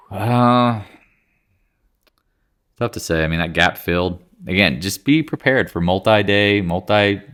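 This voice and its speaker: A man giving a casual, blunt, jokey rundown of market charts as a commentator, with quick asides. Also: deep voice, vocal fry, fairly bright tone.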